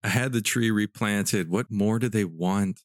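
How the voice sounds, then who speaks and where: A man's voice: on the low side, unhurried, no echo, close to an everyday voice. Man reading a miserable cursed guy: grumbling, dry close mic.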